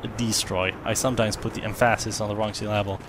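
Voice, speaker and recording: A man's voice: fairly low pitch, level tone, quick pace, noisy background. A man giving casual let's play commentary, rambling and correcting himself as he goes. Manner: rambling, self-correcting, chatty. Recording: game audio behind voice, gunfire and vehicles. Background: game gunfire and explosions.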